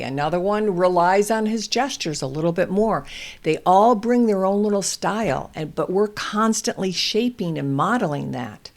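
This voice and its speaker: A woman hosting a parenting show, giving calm, deliberate instructional advice to parents. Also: medium pitch. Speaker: parenting host.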